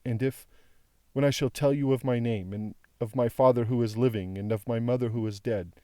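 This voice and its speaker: A man's voice: medium pitch, steady tone, brisk, dark tone, no echo, studio quality, natural voice. A man reading the part of a young woman who speaks tenderly and imploringly. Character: tender young woman pleading with her father.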